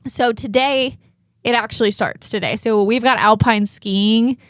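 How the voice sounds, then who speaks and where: A woman's voice: a little high, unhurried, no echo. A young woman co-hosting a morning TV show in a studio, chatting in an upbeat, filler-heavy way. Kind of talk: casual chat.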